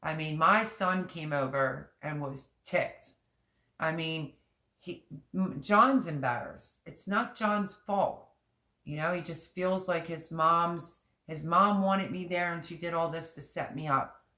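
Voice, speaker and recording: Slow and sharp-toned, her voice sits low. The middle-aged woman is livestreaming a casual chat from home in a room with echo, speaking emotionally and openly, wandering off track and saying things more than once.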